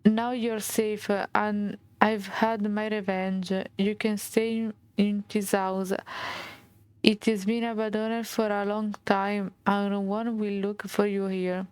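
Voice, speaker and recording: A woman with an Italian accent reading a game's fairy tale aloud as a streamer, halting and restarting, with Italian asides. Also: medium pitch, level tone, a little mellow, clean tone, dry recording. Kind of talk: reading game text aloud.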